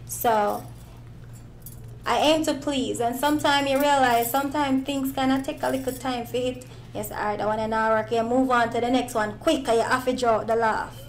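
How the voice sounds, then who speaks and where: A woman's voice: fairly high pitch, steady tone, normal speed, a little hiss or hum. A woman comedian with a Jamaican accent, answering interview questions in a playful, joking way. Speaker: stand-up comedian.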